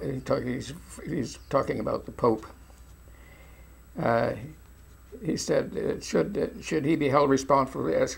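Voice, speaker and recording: Older guy, super gravelly husky voice, chatty and folksy, talks to viewers like friends. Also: mid-range voice. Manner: folksy, addresses viewers as friends, frequent restarts. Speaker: video commentator. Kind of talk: informal video commentary.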